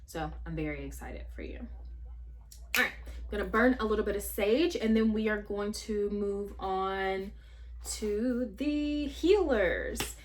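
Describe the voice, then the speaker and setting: A woman's voice: medium pitch, lively intonation, a little slow. A woman chatting her way through a tarot reading, thinking aloud with many fillers and asides. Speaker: tarot reader. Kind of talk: casual spiritual tarot reading.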